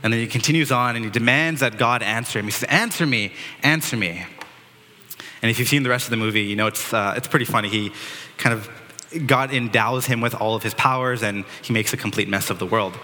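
Male pastor, earnest sermon delivery, bright tone, long hall reverb. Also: medium pitch, steady tone, quick pace. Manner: earnest preaching with dramatic quotes and restarts.

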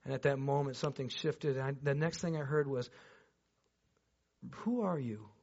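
A man preaching a sermon and telling a personal story, swinging between loud excited bursts and hushed, low passages, talking straight to the congregation. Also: fast talker. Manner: chatty, addresses the congregation directly with asides. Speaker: pastor. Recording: dull lo-fi recording.

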